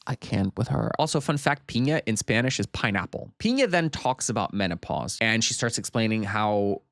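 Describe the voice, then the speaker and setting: A man's voice: fairly low pitch, animated, normal speed, vocal fry, fairly bright tone, no room sound, clean studio sound. A man casually recapping a comedy movie, laughing often and swearing freely as he animatedly retells scenes. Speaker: movie reviewer.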